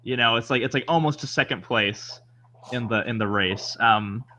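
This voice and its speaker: A man's voice: medium pitch, moderate pace, a little hiss or hum. A man co-hosting a podcast in casual chat, rambling and correcting himself as he goes. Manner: rambling, self-correcting, animated. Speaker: podcast co-host.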